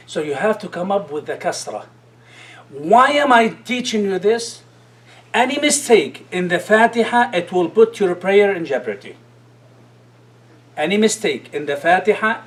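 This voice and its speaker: High-voiced man teaching Quran recitation. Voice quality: chants Arabic verses in a sung tone. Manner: drills pronunciation slowly, repeating syllables. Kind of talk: classroom lesson on recitation.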